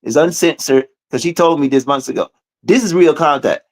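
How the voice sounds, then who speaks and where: A man talks as a guest in loose, animated chat, swearing freely and laughing between points. His voice sits a little high for a man. He jumps quickly from aside to aside. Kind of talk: casual profane chat.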